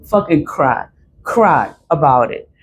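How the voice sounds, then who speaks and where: A woman's voice: deep voice, lively intonation, takes it slowly, husky. A woman telling a personal story in a casual vlog, blunt and profane, repeating herself for emphasis. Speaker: vlogger.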